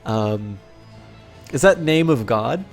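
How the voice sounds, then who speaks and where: A man's voice: mid-range voice, measured pace, soft background music. A man streaming live and chatting casually, rambling through long, complicated sentences.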